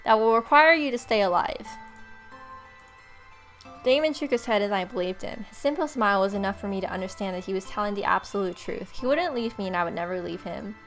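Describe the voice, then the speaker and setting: A woman's voice: medium pitch, quick pace, few pauses, soft background music. A young woman reading a romance game aloud with expression, breaking off now and then for joking asides. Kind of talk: reading a visual novel aloud with commentary.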